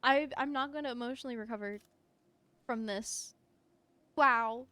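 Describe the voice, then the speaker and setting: A woman streaming from her room, chatting casually while she plays, gushing and excitable with frequent laughter. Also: a little high, fairly quick, dry recording. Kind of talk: casual live-stream chat while playing.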